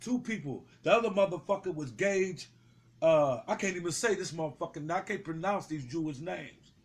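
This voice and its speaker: A man's voice: on the high side, normal speed. A young man giving heated, profane street commentary, confrontational and repetitive, swearing freely.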